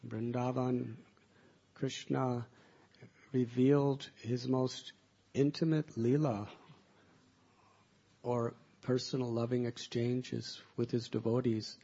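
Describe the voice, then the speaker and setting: A man telling devotional stories as a spiritual teacher, soft-spoken, with slow, drawn-out phrasing. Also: medium pitch, flat delivery, husky, highs cut off. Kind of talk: devotional storytelling talk.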